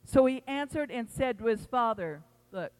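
A woman pastor preaching a sermon, telling the story with animated quoted voices. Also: on the high side, moderate pace, in a large hall, poor audio.

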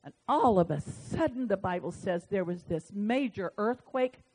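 A woman preacher delivering an impassioned sermon that swings between hushed, quiet passages and loud shouting, acting out conversations with God. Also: mid-range voice, expressive, moderate pace, slightly rough. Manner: acts out dialogue with God.

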